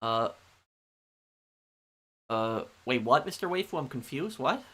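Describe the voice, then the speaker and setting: A man's voice: mid-range voice, expressive, sharp tone, husky. Rambling male game streamer. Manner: rambling, halting, many ums and restarts. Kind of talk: casual chat answering viewers.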